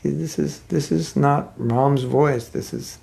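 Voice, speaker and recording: A man voicing a loyal, devoted younger brother, speaking earnestly in his own low voice. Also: steady tone, slow, vocal fry, warm tone, full character voice. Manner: earnest, explaining.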